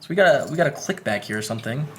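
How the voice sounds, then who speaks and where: An upbeat Canadian man talks through his poker hands on a live stream. His voice sits at an ordinary, middle pitch, and he keeps the talk loose and friendly as he greets viewers one after another. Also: lively intonation, rapid-fire, a little hiss or hum. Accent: Canadian English. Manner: chatty and upbeat, greets chat viewers by name.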